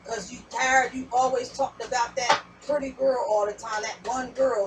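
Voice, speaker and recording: A woman's voice: on the high side, little pitch movement, normal speed. A woman doing a casual spiritual message reading as a tarot reader, blunt and profane, talking straight to her viewers. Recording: distant mic with background noise.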